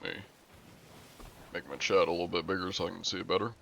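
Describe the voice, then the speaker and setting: Man, game streamer, casual live-stream chat, playful and jokey, room at home, fairly low voice. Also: steady tone, fast, creaky, a bit bright, a little hiss or hum.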